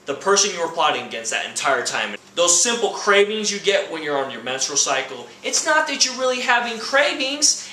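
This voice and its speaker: A young man with a strikingly high, bright voice rants through a comedy bit, acting out quoted lines and bursting into shouts. He is recorded in an echoey room. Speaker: comedy vlogger. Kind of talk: comedic rant to camera.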